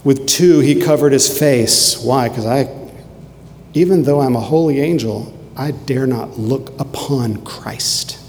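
A man's voice: medium pitch, measured pace, darkish tone. Fervent male preacher in reverberant hall. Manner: fervent, emphatic preaching with dramatic repetition. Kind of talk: sermon. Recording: long hall reverb, faint noise.

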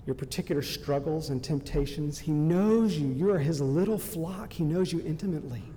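A man pastor preaching a sermon earnestly, slowing down for emphasis and softening his voice for quotations. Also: on the high side, in a large hall, a little hiss or hum.

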